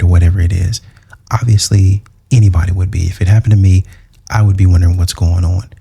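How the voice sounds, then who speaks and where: Guy w a low gravelly voice doing blunt reaction commentary, dark and raspy. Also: steady tone, fairly quick. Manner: blunt and lecturing. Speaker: reaction channel host. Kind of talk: commentary on clips.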